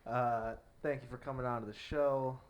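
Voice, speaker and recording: Relaxed American podcast host. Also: male voice, mid-range voice, normal speed, crowd noise. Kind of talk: casual chat.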